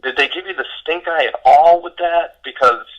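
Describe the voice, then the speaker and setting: Bright-voiced guy co-hosting, dry teasing, sounds like he's on a phone call. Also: fairly high pitch, moderate pace. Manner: wry, corrects and teases the host. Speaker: podcast co-host. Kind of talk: casual podcast chat.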